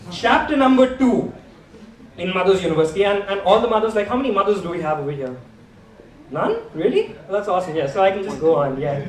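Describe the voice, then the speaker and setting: A man's voice: high voice, roomy sound, distant mic, low-quality recording. A young man from India with an Indian accent doing rambling, chatty stand-up comedy in a club. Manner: chatty, rambling, filler-heavy delivery.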